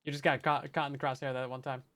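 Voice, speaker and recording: With a medium pitch, flat delivery and a quick pace, this man's voice is a bit bright. He's hosting a Minecraft let's play, casually commenting on his building session, joking at his own expense and chatting with viewers.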